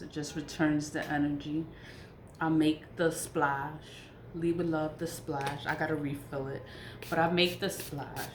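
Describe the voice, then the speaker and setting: A woman with a low, grounded voice talks through her spiritual routines in a frank, emphatic way, laughing often and swearing in asides. The room echoes around her, with a faint hiss underneath. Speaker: spiritual vlogger. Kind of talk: casual spiritual monologue.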